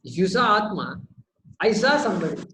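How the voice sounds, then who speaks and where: A man leading a question-and-answer teaching session, lively, with lots of rhetorical questions and repeated words as he works through a point. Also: high voice, a little fast, slight background noise, rough recording. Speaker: spiritual teacher.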